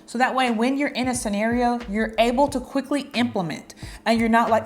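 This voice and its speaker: A woman's voice: fairly high pitch, fairly quick, few pauses. A woman vlogger giving dating advice in a chatty, playful way, now and then acting out little flirty lines. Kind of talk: casual advice talk to camera.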